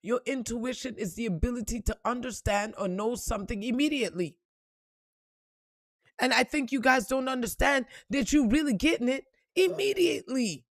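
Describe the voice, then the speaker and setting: A woman giving an unscripted motivational talk and telling a story straight to her viewers, blunt and profane, swinging between quiet asides and loud emphasis. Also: on the high side, animated, normal speed, no echo, studio quality. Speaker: spiritual reader and motivational speaker.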